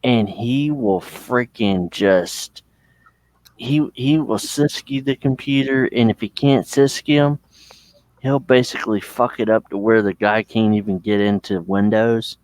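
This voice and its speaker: A man's voice: on the low side, steady tone, a little slow, darkish tone. A man from the United States chatting casually and rambling, swearing freely. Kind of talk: casual chat.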